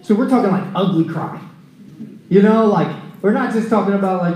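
A man preaching a conversational sermon at a recovery ministry, telling scripture stories in an animated way. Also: high voice, normal speed. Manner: animated storytelling, acting out scripture scenes. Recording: echoey room.

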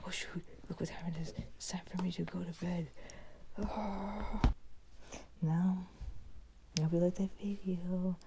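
Low, gravelly young woman vlogging. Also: fairly even intonation, a little slow, pauses often, heavy background noise. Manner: chatty, drifting in and out of whispers. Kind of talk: casual chat.

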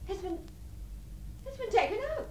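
Brief: high, very animated refined, lonely fantasist in a radio play, breathy and giddy. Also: female voice, moderate pace, slight background noise. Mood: confused, insistent. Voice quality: refined, swings between breathy tenderness and giddy excitement. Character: deluded lonely upper-class spinster dreaming of marriage. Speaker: the Princess. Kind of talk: radio drama acting.

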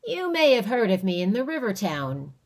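A woman's voice: mid-range voice, big pitch swings, moderate pace, voice pushed up. A woman voicing a heavy-set, bearded backwoods stranger who is sly and cheerful, talking in a folksy drawl. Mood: easygoing.

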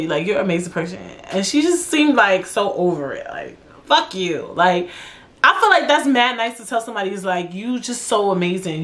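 Blunt, profane woman podcast host. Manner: blunt, profane, animated with big pitch jumps. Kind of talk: casual solo podcast talk.

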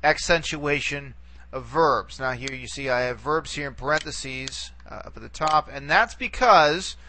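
A Greek language teacher gives a recorded video lesson, patiently repeating words and frequently checking in with "okay?" His mid-range voice is a bit slow, pushed and bright, with a little hiss or hum in the audio.

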